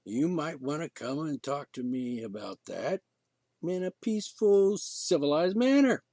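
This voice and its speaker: A man with a high, lively voice rants indignantly, swinging from sarcasm to exasperation. His delivery is rambling and full of restarts. The recording is dry and close. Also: a little slow, no echo. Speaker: podcast host. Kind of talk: ranting monologue.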